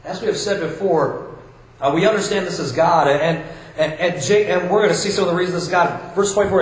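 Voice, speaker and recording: Preacher from Iowa in a very echoey hall. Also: male voice, high-pitched, a little fast. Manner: conversational storytelling with frequent restarts, reads scripture aloud. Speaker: pastor. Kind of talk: sermon.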